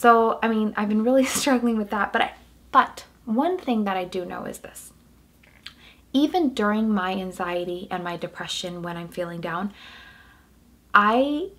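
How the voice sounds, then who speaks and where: A young woman talking openly in a casual personal vlog, rambling and restarting often. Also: medium pitch. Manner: candid, rambling, with many restarts and "like". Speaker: vlogger.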